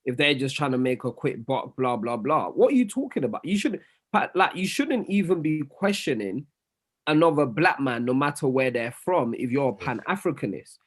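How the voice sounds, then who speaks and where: A man, arguing animatedly in a casual podcast discussion, swinging between quiet and loud. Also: mid-range voice, sing-song, normal speed.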